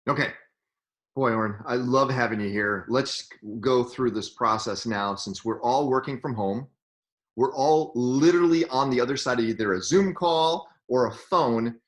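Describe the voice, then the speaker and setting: A man's voice: medium pitch, moderate pace, echoey room. A man hosting a video call, teasing his guest and laughing easily. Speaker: host. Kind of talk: casual video call chat.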